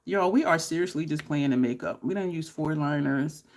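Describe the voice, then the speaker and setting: A woman's voice: sits low, moderate pace. A middle-aged woman, chatting casually while doing her makeup and telling stories to viewers. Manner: chatty, storytelling, addresses viewers as y'all. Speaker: beauty YouTuber.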